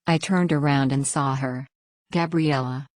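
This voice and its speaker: Low-voiced woman reading a story. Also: fairly even intonation, measured pace, a little mellow, no room sound. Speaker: story reader. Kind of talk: scripted first-person story narration.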